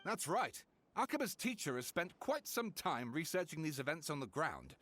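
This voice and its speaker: A theatrical, excitable writer. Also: male voice, a little high, normal speed. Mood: excited. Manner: theatrical, excitable, dramatic build-ups. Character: eager male scholar-writer, theatrical and chatty.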